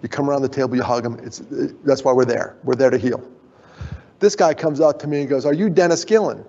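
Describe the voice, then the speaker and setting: Middle-aged male speaker, lively self-mocking storyteller, slightly husky, hall echo, dull sound. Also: medium pitch, a little fast. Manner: animated, self-deprecating storyteller. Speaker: conference speaker. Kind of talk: personal storytelling talk. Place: conference hall. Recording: dull recording, long hall reverb.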